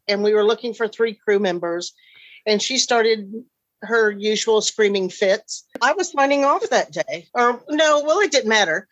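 Lively woman telling stories, dry sound. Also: fairly high pitch, dry recording. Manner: animated, acts out quoted dialogue. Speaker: guest. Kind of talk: casual storytelling chat. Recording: slightly dull lo-fi sound.

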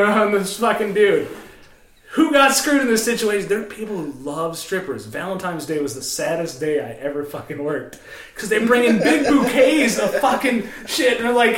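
A man's voice: sits high, normal speed, reverberant. A man, a former strip club DJ, telling profane stories in casual podcast chat and laughing often. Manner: profane, laughing, acts out quoted voices.

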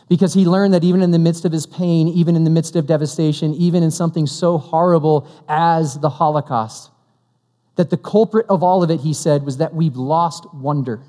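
A man's voice: a little high, mellow. A man preaching a Christmas sermon, conversational and humorous, acting out the dialogue of the story he tells. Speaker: pastor. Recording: long hall reverb.

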